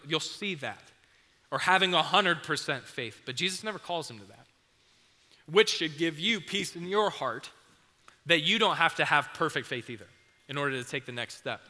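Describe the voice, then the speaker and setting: A youth pastor giving a casual, chatty sermon and acting out the scenes. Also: male voice, fairly high pitch, bright, forceful tone, long reverb tail. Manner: chatty and conversational, acts out scenes.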